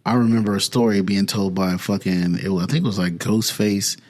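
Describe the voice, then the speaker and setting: A young man co-hosting a casual podcast, telling stories with profane slang in an animated way. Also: on the low side, a little fast. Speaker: podcast co-host.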